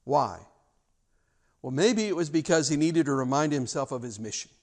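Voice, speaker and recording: Emphatic preacher man, slightly high voice. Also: moderate pace. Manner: emphatic, animated retelling with many restarts. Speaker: pastor. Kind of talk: sermon.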